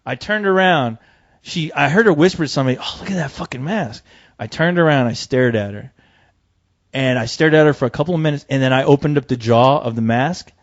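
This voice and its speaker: A man telling a long, profane story in a casual podcast chat, animated and laughing as he goes. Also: mid-range voice, a little fast. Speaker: co-host. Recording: dull lo-fi podcast audio.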